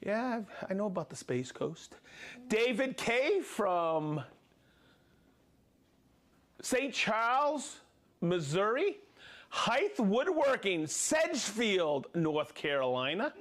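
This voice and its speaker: A man hosting a live product show, chatting energetically, joking and laughing often as he reads out viewer shout-outs. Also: high-pitched, big pitch swings, slow pace, long pauses. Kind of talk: lively live-stream chat reading viewer shout-outs.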